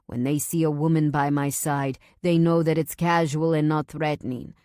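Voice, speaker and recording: A woman's voice: low voice, steady tone, normal speed, warm tone, dry recording, clean studio sound, lightly acted. A woman voicing a domineering mafia husband who speaks in a firm, clipped, controlling way. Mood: commanding. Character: domineering mafia husband, calm, commanding man.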